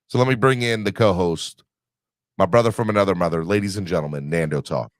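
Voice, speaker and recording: A man's voice: low-pitched, fairly quick, dry recording. A man hosting a casual sports podcast, rambling with restarts while recovering from an illness. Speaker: podcast host.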